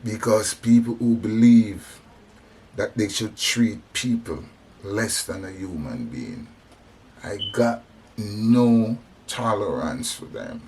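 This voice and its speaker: This man's voice is on the low side, a little mellow and expressive, delivered slowly, with a faint hiss or hum present. Of African descent and speaking on religion and society, he preaches an impassioned monologue on compassion marked by emphatic repetitions and restarts.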